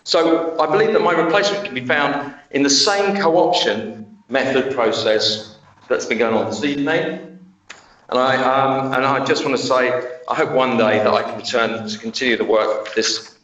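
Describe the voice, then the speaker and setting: A man, a town councillor, giving an earnest and halting speech at a council meeting, then answering a challenge defensively. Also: mid-range voice, a bit bright, muffled recording. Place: town hall council chamber. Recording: very echoey room, distant mic.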